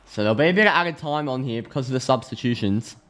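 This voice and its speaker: Aussie guy reacting live to the footy, chatty and excitable, mid-range voice. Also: medium pitch, fast talker. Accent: Australian. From Australia. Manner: chatty, excitable, thinks aloud with restarts. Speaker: football streamer.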